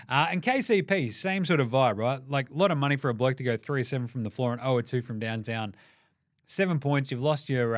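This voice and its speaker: A man with an Australian accent hosting a sports show, excitable and sweary, cracking jokes. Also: medium pitch. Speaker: podcast host. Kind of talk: energetic sports commentary.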